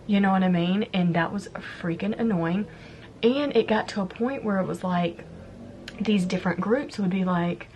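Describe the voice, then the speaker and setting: A woman in her thirties speaks to camera at a normal speed in a fairly low voice, with a little hiss or hum present. As a vlogger at home, she confides a personal story in a chatty way, quoting herself and acting out her words, while yard work goes on outside.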